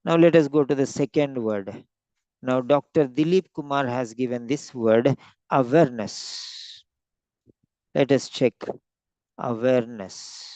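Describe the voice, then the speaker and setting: Slow, deliberate teacher. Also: male voice, medium pitch, dark tone, dry recording. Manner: slow, repeats words, stretches them out to stress them. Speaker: English teacher. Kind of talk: online vocabulary lesson.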